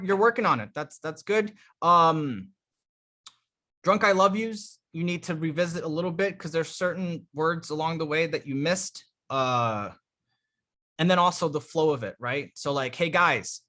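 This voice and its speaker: A man coaching a live group session on dating, giving energetic, emphatic feedback and often restarting his words. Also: a little high.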